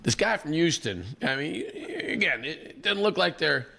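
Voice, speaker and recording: A man, hoarse from a recent illness, animatedly telling stories in casual chat as a podcast co-host. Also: on the high side, moderate pace. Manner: animated storyteller, acts out quoted people.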